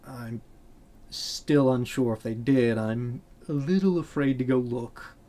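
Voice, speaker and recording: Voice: medium pitch, darkish tone. A channel host giving candid, earnest commentary on a video game, blunt and swearing casually.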